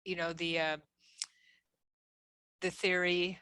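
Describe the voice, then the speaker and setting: Female podcast host, bright, lower-pitched voice, dry sound, encouraging. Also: flat delivery, takes it slowly, clear, resonant tone, dry recording. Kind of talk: casual interview chat.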